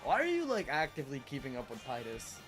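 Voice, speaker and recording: A man live-streaming a game, chatting casually with viewers in a rambling, animated way and laughing often. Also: medium pitch, fast talker. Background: game music.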